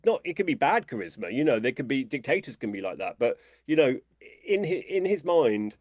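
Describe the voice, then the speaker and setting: A British man, an author guest in an interview, who tells lively anecdotes and talks in a chatty, conversational way. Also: a little fast, no echo, clean studio sound. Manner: animated storyteller, imitates people in a high voice.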